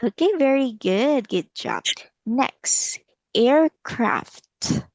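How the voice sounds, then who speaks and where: A woman's voice: fairly high pitch, expressive, very slow, darkish tone, no echo. A woman teaching English to a child over a video call, patiently repeating words. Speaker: English tutor. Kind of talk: online English lesson for a child.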